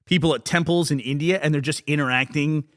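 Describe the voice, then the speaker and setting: A man's voice: a little high, steady tone, quick pace. A man co-hosting a casual chat show, teasing playfully and laughing often. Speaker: podcast co-host.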